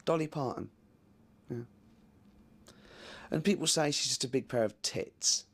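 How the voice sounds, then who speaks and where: A man's voice: medium pitch, measured pace, lightly acted. An actor playing a rambling, self-satisfied middle-aged male office boss who offers folksy life wisdom in a TV comedy. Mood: musing.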